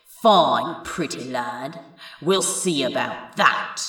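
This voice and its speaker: Woman reading as a snooty dark sorcerer guy, slow pompous threats, dry sound. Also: extremely low pitch, animated, breathy edge, dry recording, voice pushed down, exaggerated voice. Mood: menacing. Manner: pompous, slow intoning menace. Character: haughty male dark sorcerer, scheming and sardonic.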